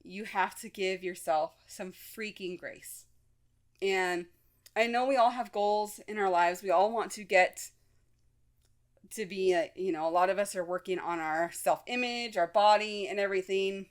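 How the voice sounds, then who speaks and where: Hosting her own podcast, a mother talks on her own in a frank, casual way, often restarting and using plenty of fillers. Her voice sits in the mid range, and her pace is a bit slow.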